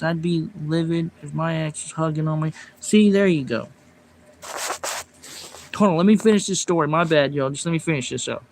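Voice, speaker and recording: On a livestream with a phone or desk mic, a man with a slightly high voice rambles casually through a long personal story, with a little hiss or hum audible. He stays quiet while narrating but turns louder and sharper when he snaps at his chat.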